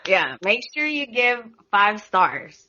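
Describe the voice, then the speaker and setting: A woman hosting a casual podcast chat, talkative and quick to laugh. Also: medium pitch, very animated, pushed and bright, slight background noise. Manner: chatty, laughs often. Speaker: podcast host. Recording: dull lo-fi sound.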